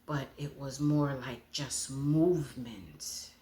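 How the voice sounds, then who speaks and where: A woman telling her personal testimony at a slow, deliberate pace. She speaks from the heart and often lowers her voice to a near hush.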